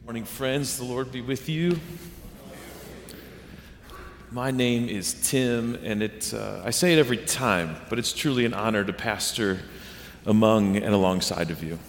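A man's voice: mid-range voice, normal speed. A man, the pastor, giving a sermon in a conversational, storytelling way, acting out quoted voices. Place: church sanctuary. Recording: long church reverb.

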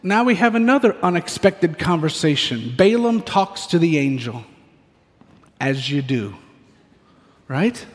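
Male preacher, sermon, animated storytelling, higher voice, long hall reverb. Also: slow pace, pauses often. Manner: animated, storytelling, playful asides.

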